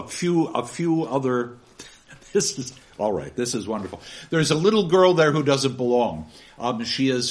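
A man giving an informal literature lecture in an animated, digressive, chuckling way. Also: medium pitch.

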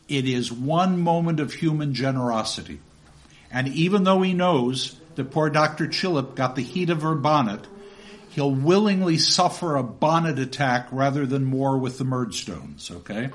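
A man lecturing on a novel and reading passages aloud, with chatty asides that end in "okay?". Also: mid-range voice.

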